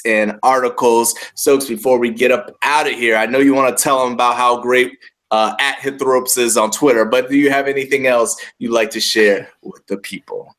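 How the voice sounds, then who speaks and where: A man's voice: medium pitch, fairly bright tone. A man hosting a wrestling radio show, bantering casually and trash-talking playfully, often repeating himself. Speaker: podcast host.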